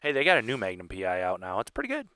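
A man co-hosting a casual chat show, joking and throwing in quick asides. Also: fairly low pitch, huge pitch swings, pushed and bright, a little hiss or hum. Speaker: podcast co-host. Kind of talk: casual banter.

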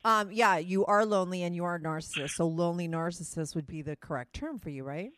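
A woman's voice: lowish voice, fast talker, a bit bright, dry recording. Blunt chatty woman with a New York accent. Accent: New Jersey or New York. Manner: chatty, blunt, teasing, many fillers. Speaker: podcast host. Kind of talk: casual chat over a phone call.

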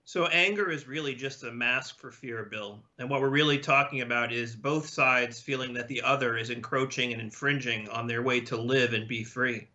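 A man answering a host's questions as a psychiatrist guest on a remote link, explaining his points in a measured way. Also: medium pitch, sharp tone, dull audio. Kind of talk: interview answer.

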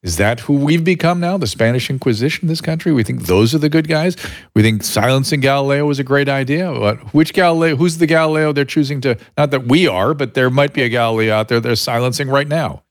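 A man's voice: mid-range voice, fairly quick, no room sound. Man, podcast host, conversational, rhetorical questions, incredulous, dry close sound. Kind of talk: conversational interview.

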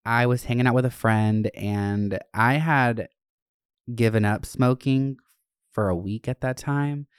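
Young man, casual storyteller, profane and animated, smooth voice, dry close sound. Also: mid-range voice, measured pace, dry recording.

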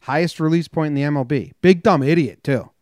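A man's voice: on the high side, a little fast, a little mellow, dry recording, clean studio sound. A man co-hosting a casual sports podcast, joking and teasing his partner and reading an ad playfully. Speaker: podcast co-host.

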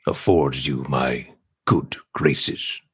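A man doing a deep, husky turtle-folk adventurer. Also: exaggerated voice. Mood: measured. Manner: slow, measured, pondering "hmm".

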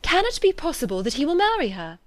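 A woman reading a classic novel aloud, voicing an eager, sharp-witted young woman who speaks in urgent exclamations. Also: on the high side, expressive, moderate pace, dry recording, close to an everyday voice. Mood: anxious, urgent.

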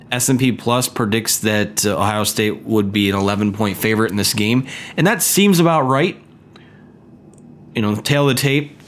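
A man's voice: lowish voice, fairly bright tone, slight background noise. A man hosting a solo sports podcast, talking casually with fillers and restarts, his voice nasal and stuffy from a cold. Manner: conversational, frequent fillers and restarts. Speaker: podcast host.

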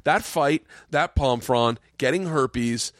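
A male comedian hosting a relaxed podcast from his home man cave, swearing freely as he rambles through road stories. His voice sits at an ordinary middle pitch, and the room sounds close and dry, with no echo. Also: slow. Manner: profane, rambling, acts out what people said. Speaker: podcast host and stand-up comedian. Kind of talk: casual chat, storytelling.

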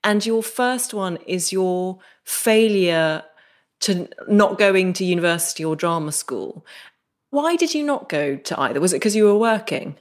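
Host: English-accented woman, enthusiastic interviewer, warm laugh-along delivery. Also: lowish voice, expressive, unhurried. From Northern Ireland. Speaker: podcast host.

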